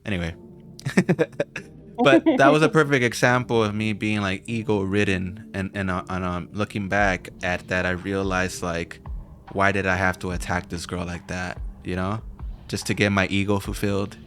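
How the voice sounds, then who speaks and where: A man's voice: low-pitched, steady tone, moderate pace, a bit bright. A man hosting a podcast, telling a story in casual slang, laughing and mocking himself. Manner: laughing, slangy, self-mocking, many restarts. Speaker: podcast host.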